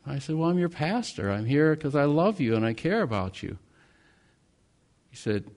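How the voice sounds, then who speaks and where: Male pastor, sermon storytelling, dramatic swings from hushed to loud. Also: a little high, big pitch swings, normal speed, long pauses.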